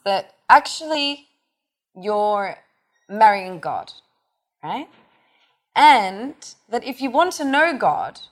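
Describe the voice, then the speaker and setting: A middle-aged woman teaching tantra in a casual, profane, animated way, acting out little voices as she talks. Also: medium pitch. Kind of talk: casual spiritual talk.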